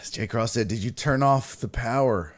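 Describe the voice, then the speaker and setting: A man hosting a casual sports live stream, reading viewer comments and ranting with profane, exasperated outbursts that break into yelling. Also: medium pitch, measured pace.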